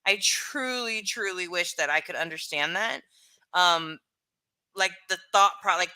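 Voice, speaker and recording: A woman's voice: on the low side, normal speed, bright, forceful tone. A young woman hosting a casual livestream, reading chat and rambling frankly with lots of "like" and "you know".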